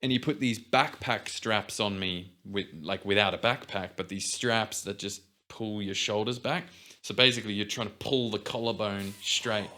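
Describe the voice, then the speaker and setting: A young man on a podcast with a lowish, strikingly bright and forceful voice. He talks in a relaxed way and fills his explanations with "like" and small restarts. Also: moderate pace. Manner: relaxed storyteller, explains things with many fillers. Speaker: podcast co-host. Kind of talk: casual podcast chat.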